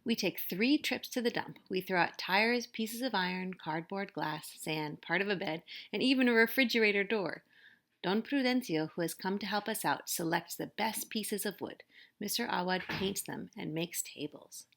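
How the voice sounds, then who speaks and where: A woman's voice: medium pitch, moderate pace, gravelly, fairly bright tone. A woman teacher reading a picture book aloud, narrating expressively. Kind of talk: storybook read-aloud.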